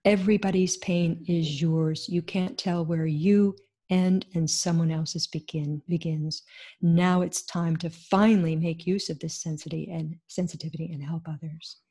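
A fierce healer woman, blunt and insistent, husky tone, firm commands, voiced by a woman retelling a story. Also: on the low side, steady tone, moderate pace, warm tone. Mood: calm, firm. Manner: insistent, scolding.

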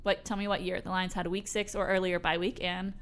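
Woman host with a sick, smooth voice. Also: fairly low pitch, level tone, fast talker. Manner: upbeat, laughs easily, asks guest questions. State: sick, under-the-weather voice. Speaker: podcast host. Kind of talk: sports podcast chat.

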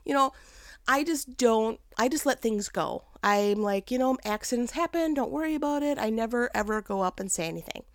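A mother telling a casual personal story with a life lesson, animated and laughing often as she acts out what people said. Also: fairly high pitch, fairly quick, hardly any pauses, no room sound, studio quality.

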